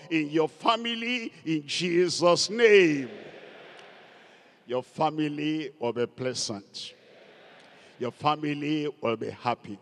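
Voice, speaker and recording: A man's voice: on the high side, takes it slowly, long pauses, a bit bright. A man preaching a sermon as pastor, emphatic and repeating key words for stress. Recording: long hall reverb.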